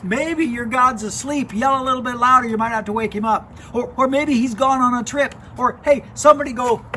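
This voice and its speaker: A man doing a confident old-time prophet who mocks his rivals and calls out boldly. His voice sits high for a man, and it is told in a children's storybook way. Outdoor noise runs clearly underneath. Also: moderate pace, far from the mic. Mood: teasing. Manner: loud, mocking taunts. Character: bold male prophet, confident and teasing. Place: outdoors by a fire pit. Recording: noisy outdoor recording.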